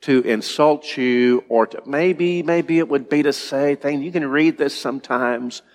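A male pastor preaching to his congregation, his voice sitting in a middling register. He talks in a halting, thinking-aloud way, restarting and repeating words. The sound carries the long reverb of a large hall. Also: mid-range voice, a little mellow. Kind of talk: sermon.

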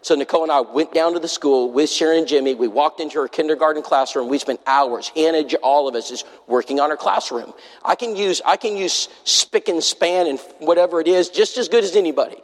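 A man preaching a sermon in a church, telling a story in an animated way and acting out the people he quotes. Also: a little high, brisk. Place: church sanctuary. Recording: long hall reverb in a church.

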